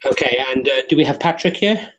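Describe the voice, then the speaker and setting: A man running a tabletop game as game master, chatting with his players and often pausing with "uh" and restarting his sentences. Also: medium pitch, expressive, fairly bright tone, rough recording.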